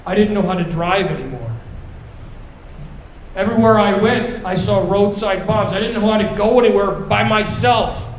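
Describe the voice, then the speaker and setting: A man tells his testimony in an emotional, halting way, often pleading as he goes. His voice runs high for a man. The room rings with a roomy echo and a faint background hum. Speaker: military veteran sharing testimony. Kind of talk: personal testimony storytelling. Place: stage at a revival service.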